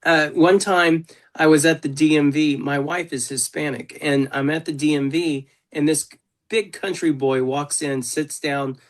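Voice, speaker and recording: A man's voice: fairly high pitch, fairly even intonation, measured pace. A man hosting a consultation over a video call, telling stories bluntly and swearing freely. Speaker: consultant host. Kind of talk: casual video call chat.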